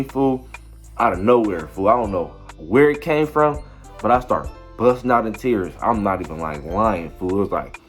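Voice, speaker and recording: A young man telling a story in a casual, rambling way, full of slang and repeating "you feel me". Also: lowish voice. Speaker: vlogger.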